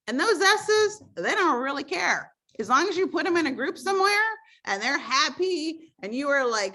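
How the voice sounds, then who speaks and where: Bubbly high-voiced woman coaching. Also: normal speed. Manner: animated, acts out customer voices. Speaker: guest speaker. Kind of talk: live-stream coaching talk.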